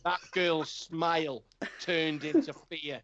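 A man's voice: a little high, steady tone, slow, fairly bright tone, dull audio. A man with an English accent telling a comedic story, acting out both sides of the dialogue as he rants.

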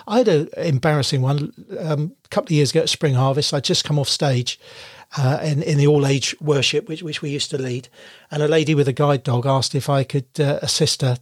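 A man hosting a podcast interview, enthusiastic and quick to laugh. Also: a little high, dry recording, clean studio sound. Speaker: podcast host. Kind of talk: casual interview chat.

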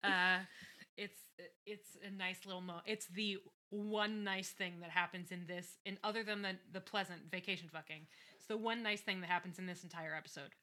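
Very bright, enthusiastic woman podcaster. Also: on the low side, normal speed, slight background noise. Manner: enthusiastic, profane, animated. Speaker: podcast co-host recapping a TV episode. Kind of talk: casual chat.

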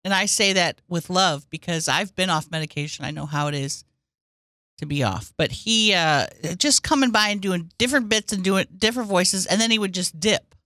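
A woman's voice: fairly low pitch, normal speed, sharp tone, no room sound, clean studio sound. A woman co-hosting a podcast in casual chat, playful and joking, laughing a lot. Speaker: podcast co-host.

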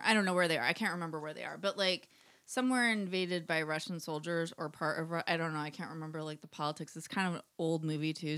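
A woman's voice: lowish voice, a bit bright. A woman chatting casually while tasting snacks, rambling with many fillers and acting out quotes. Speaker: co-host.

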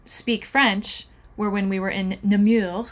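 A woman's voice: medium pitch, fairly even intonation, takes it slowly. Chatty young woman telling travel stories. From Canada. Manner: chatty storyteller, playful and laughing. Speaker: podcast co-host. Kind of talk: casual travel podcast chat. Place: podcast studio.

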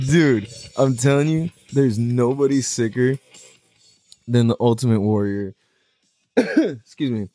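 A young man in a casual, profane, excitable monologue full of slang. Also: medium pitch, slow, long pauses, faint music behind.

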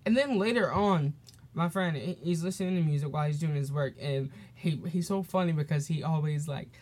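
A teenage boy hosting his own solo podcast, telling a story in a rambling, animated way with lots of fillers and restarts. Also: fairly high pitch, fairly quick. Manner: acts out the people in his stories. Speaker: podcast host.

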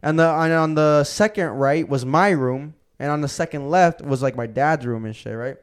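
A man's voice: on the high side, moderate pace, smooth. A young man, co-host of a podcast, telling party stories in casual chat, swearing and saying "bro" often. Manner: profane, animated storyteller, says "bro" a lot.

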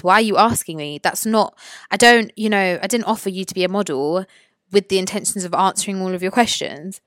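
A young woman with a mid-range voice tells the story of a rude client in casual chat, animated and indignant as she quotes each message. The sound is dry and close, with no room around her. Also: mid-range voice, brisk, no echo. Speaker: lash technician and podcast host.

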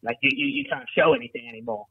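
A man voicing a brash, foul-mouthed American talent agent calling in, with loud boasts and stammering restarts. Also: mid-range voice, racing, husky, no room sound, highs cut off, natural voice. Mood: sleazy. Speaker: caller.

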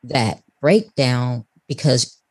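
A woman's voice: extremely low pitch, slow, darkish tone. A woman hosting an interview, responding in an encouraging, reflective way with frequent restarts. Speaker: interview host. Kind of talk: conversational interview.

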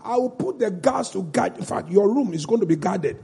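A man's voice: high-pitched, animated, brisk, creaky, warm tone, breathy edge, voice pushed down, full character voice. A man doing an arrogant boastful king. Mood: dismissive. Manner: boastful, dismissive.

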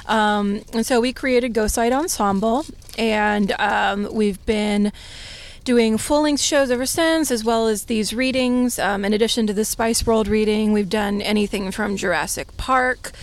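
Chatty woman, theater guest, slightly high. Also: unhurried. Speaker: theater company member, guest. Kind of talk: casual chat.

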